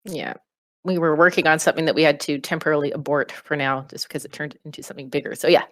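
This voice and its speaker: Woman, low voice, game developer, casual Q&A, dry close mic. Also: fairly even intonation, fast, fairly bright tone, dry recording. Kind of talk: casual Q&A in a voice call. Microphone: computer mic on a voice call.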